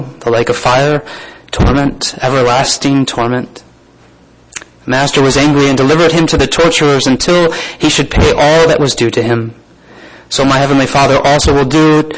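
A man's voice: mid-range voice, poor audio. Guy preaching in a room, reads the verses then stops to ask the folks stuff. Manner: reads scripture then comments with asides and soft laughs. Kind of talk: sermon.

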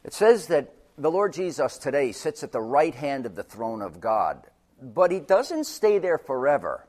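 A man preaching a sermon, moving between loud urgent peaks and quiet, low passages. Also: very animated, measured pace. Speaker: pastor.

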